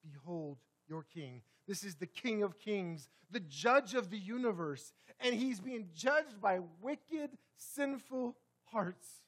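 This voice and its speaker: A man preaching a sermon in a church sanctuary, swinging dramatically between loud, forceful passages and hushed ones. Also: high voice, expressive, slow, few pauses, slightly rough. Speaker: pastor.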